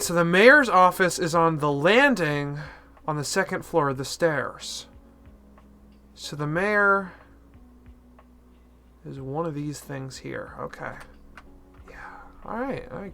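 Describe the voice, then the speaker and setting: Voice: mid-range voice, gravelly, pushed and bright. Playful streamer muttering asides. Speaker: streamer playing a dating game. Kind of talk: casual livestream commentary.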